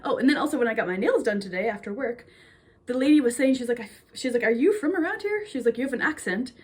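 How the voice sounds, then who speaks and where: A young woman from Minnesota talks in a chatty, bubbly ramble straight into her phone. Her voice sits a bit high and carries a soft, breathy huskiness, and she strings thoughts together with plenty of fillers. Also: quick pace. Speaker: vlogger. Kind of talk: casual chat.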